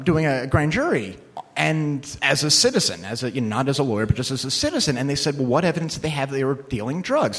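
A lawyer delivers a loose, anecdote-filled conference talk on computer crime law with audience Q&A, cursing casually, using many fillers, and voicing the people he quotes. He has a husky, medium-pitched voice with a fairly bright tone.

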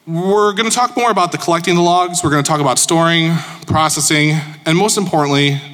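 Man from Chicago, conference speaker: bright, slightly high voice, jokey and self-deprecating, hall reverb. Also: a little fast. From Chicago, USA. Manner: joking, informal and self-deprecating. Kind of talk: casual conference presentation.

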